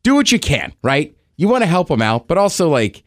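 A man's voice: on the high side, brisk, no room sound, studio quality. A man co-hosting a podcast in casual chat, easygoing and supportive. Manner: easygoing, supportive listener with lively intonation. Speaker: podcast co-host.

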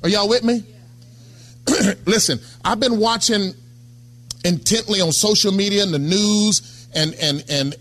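High, bright-voiced preacher man. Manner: conversational preaching, calls out to congregation. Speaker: pastor. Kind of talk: sermon.

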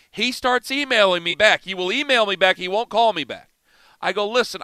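A middle-aged man hosting sports talk radio, telling a story in an animated, self-mocking way. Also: sits high, clean tone, no room sound. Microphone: studio microphone.

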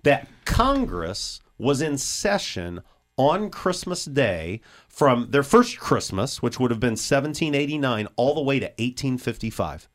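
A male radio host runs a quiz with his co-host, his pitch rising and falling a lot as he talks. He explains Bible and history answers at length in a chatty way. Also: sing-song, a little slow. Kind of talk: casual chat, hosting a quiz.

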